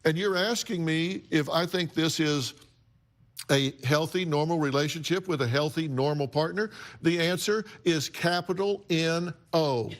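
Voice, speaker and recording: A man's voice: on the high side, a little slow. An older man hosting a talk show, counseling guests in a blunt, emphatic, lecturing way.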